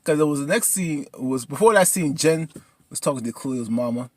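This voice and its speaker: A man casually recapping a TV episode in an excitable, colloquial way. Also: a little high, a little fast, no echo. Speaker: TV episode reviewer.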